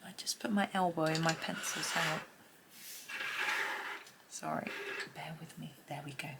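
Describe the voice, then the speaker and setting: Low, gravelly woman tutor. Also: a little slow, heavy background noise. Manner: soft-spoken, often half-whispering, chatty with small laughs. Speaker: colouring tutor. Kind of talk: casual narrated drawing tutorial.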